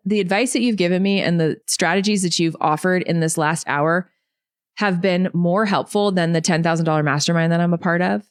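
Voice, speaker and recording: A woman in her thirties, a podcast guest, telling her life story in a lively, chatty way full of asides. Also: lowish voice, clear, resonant tone, dry recording, clean studio sound. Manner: animated, quick storytelling with many likes and you knows. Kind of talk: storytelling in an interview.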